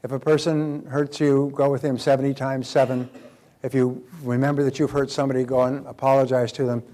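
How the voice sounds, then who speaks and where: A man's voice: mid-range voice, level tone, brisk, dark tone. A middle-aged man giving a motivational seminar talk, emphatic and acting out quoted dialogue as he teaches. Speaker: self-development speaker.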